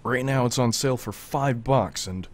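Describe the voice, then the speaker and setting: A man's voice: medium pitch, moderate pace. A teenage young man hosting a podcast in casual chat, rambling and laughing as he talks. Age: teens. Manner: rambling, laughs often, eats while talking. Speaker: podcast host.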